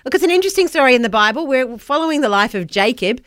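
A woman's voice: high voice, animated, very fast, a bit bright, no room sound, studio quality. A woman hosting a Christian radio breakfast show, gushing and effusive, laughing easily as she chats. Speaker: radio host.

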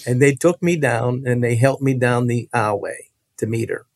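Male guest, earnest testimony, halting delivery, dry close sound. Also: medium pitch, a little mellow, no echo. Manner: earnest, halting, restarts with laughs. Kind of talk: personal testimony storytelling.

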